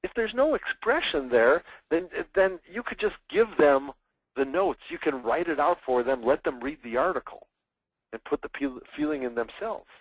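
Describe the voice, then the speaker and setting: A man presenting a public speaking webinar with a lively, swooping voice that climbs high and drops low. He talks with energy and acts out examples in playful mock voices. The sound is dry and close. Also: moderate pace, no echo, low-quality recording.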